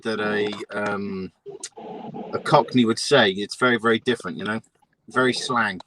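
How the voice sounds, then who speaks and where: A man's voice: on the low side, fairly even intonation, normal speed, a bit bright, a little hiss or hum, rough recording. London man telling rambling stories. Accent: London English. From England. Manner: rambling storyteller with many restarts. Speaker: guest trucker. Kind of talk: casual chat.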